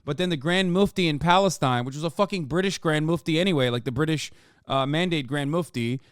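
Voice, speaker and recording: A man's voice: on the high side, a little fast, clear, resonant tone, dry recording, studio quality. A man hosting a casual reaction stream, talking heatedly and profanely, his voice climbing when outraged. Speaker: streamer host.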